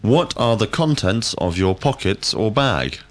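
Low, lively male teacher drilling questions. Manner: clear, deliberate questioning. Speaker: language teacher. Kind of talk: scripted drill lesson.

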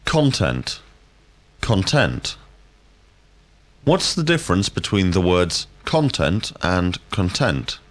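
Each question in this scripted vocabulary drill comes clearly and deliberately from a male language teacher whose voice is deep yet a bit bright. Very animated, he lets his pitch range broadly up and down.

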